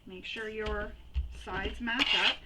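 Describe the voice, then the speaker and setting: A woman's voice: medium pitch, fairly even intonation, takes it slowly, noisy background. A woman hosting a sewing tutorial, chatty and talking through each step while she works, often recapping what was done before. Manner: chatty, repeats and recaps steps.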